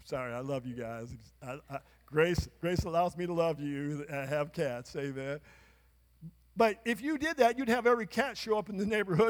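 A man pastor preaching a sermon in a church, his voice pitched high. He speaks emphatically and calls out to the congregation for answers. Long reverb fills the large sanctuary. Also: animated, normal speed. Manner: emphatic preaching with call-and-response.

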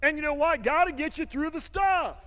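A man preaching a lively sermon, laughing often and swinging from shouts down to hushed asides, with a folksy habit of saying "man.". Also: extremely high pitch, fairly quick, big-room sound. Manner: folksy, calls everyone "man". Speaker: pastor.

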